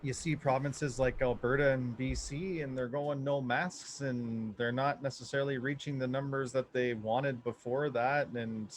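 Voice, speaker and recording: Canadian guy cohosting a podcast, mid pitch voice, lots of ums, sounds fed up. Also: fairly even intonation, moderate pace, few pauses, a little hiss or hum. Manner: frustrated, hesitant with many fillers. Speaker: podcast co-host. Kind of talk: casual chat.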